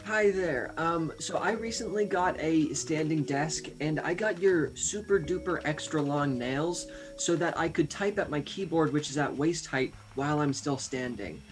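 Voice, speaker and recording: A man's voice: on the high side, a little slow, few pauses, music in the background, close to an everyday voice. A man voicing a polite, hesitant customer with a complaint in an improvised comedy sketch.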